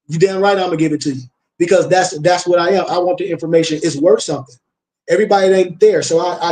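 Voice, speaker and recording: Man preaching with a mellow voice. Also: on the high side. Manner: preachy and animated, with repeated chanted blessings. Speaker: minister and teacher. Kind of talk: casual spiritual talk.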